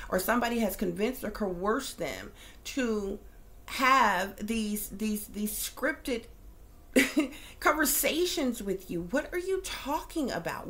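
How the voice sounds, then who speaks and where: A woman's voice: on the high side, fairly bright tone. A middle-aged woman, ranting bluntly and profanely, firing off rhetorical questions. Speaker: psychic reader. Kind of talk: ranting monologue.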